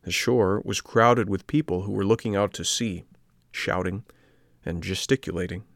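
Low-voiced man reading a storybook. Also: vocal fry, dry recording, studio quality. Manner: measured, even reading. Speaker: narrator.

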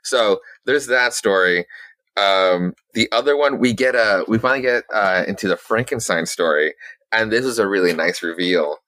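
Young guy podcaster rambling about comics, swears a bunch, bright punchy voice. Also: fairly low pitch, moderate pace, dry recording. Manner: rambling, swears a lot, many fillers and restarts. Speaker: podcast co-host. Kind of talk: casual comic book chat.

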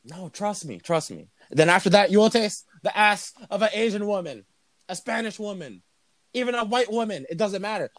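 A man's voice: sits high, lively intonation, normal speed, a bit bright, no echo. A young man co-hosting a casual podcast, talking in loose, profane, joking rants. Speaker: podcast co-host. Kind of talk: casual crude podcast chat.

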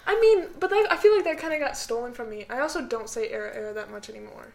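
A young woman with a high voice chatting with friends. She giggles easily and keeps picking up and repeating what the others say. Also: fast talker, vocal fry, darkish tone. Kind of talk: casual chat among friends.

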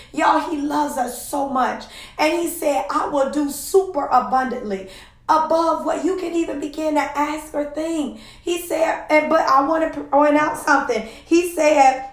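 A woman's voice: sits high, reverberant. A woman hosting a devotional podcast, preaching in a heartfelt, emotional way, close to tears and calling out "y'all" to her listeners. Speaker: podcast host.

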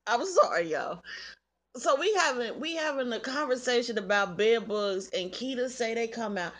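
A woman in her thirties talking casually to her viewers, chatty and quick to laugh. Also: fairly high pitch, expressive. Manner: chatty, addresses viewers as "y'all", laughs through her words. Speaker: vlogger.

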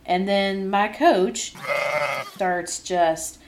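A young woman hosts a casual podcast in her own voice. She sits in the middle of the pitch range. She is an animated storyteller who laughs easily. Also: very slow, a little hiss or hum. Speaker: podcast host.

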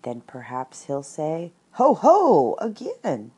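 A woman's voice: low voice, wildly swooping pitch, takes it slowly, dark tone, husky, heavily acted. A woman voicing Piglet, a timid and anxious small male piglet, in a storybook reading. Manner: nervous, trembling, fretful. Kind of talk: storybook read-aloud.

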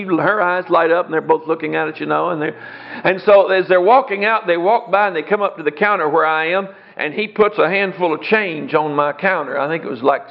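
A man's voice: on the high side, gravelly. Folksy man telling a sermon story. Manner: folksy, chuckling storyteller acting out dialogue. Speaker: Bible teacher. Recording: dull lo-fi recording.

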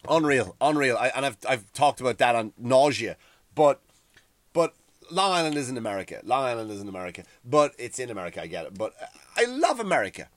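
A middle-aged Irish podcast host delivers a profane, heated ranting monologue, getting louder and higher as he works himself up. The recording is dry.

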